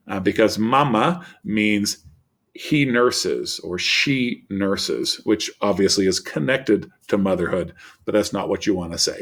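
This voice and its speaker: Low-voiced man teaching vocabulary. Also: animated, a bit bright. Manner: upbeat, explanatory, reads word lists slowly. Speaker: Spanish teacher. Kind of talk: recorded vocabulary lesson.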